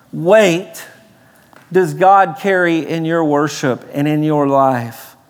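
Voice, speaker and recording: A man preaching a sermon as pastor, building in intensity and acting out the people he quotes. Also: sits high. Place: church sanctuary. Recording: reverberant church sanctuary.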